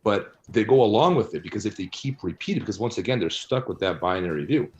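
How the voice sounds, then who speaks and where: A man's voice: on the low side, lively intonation, quick pace, a little mellow, lo-fi sound, a little hiss or hum. A man interviewed about his book, answering bluntly and argumentatively, often tagging his points with "right?" and "you know". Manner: blunt, argumentative, rhetorical asides.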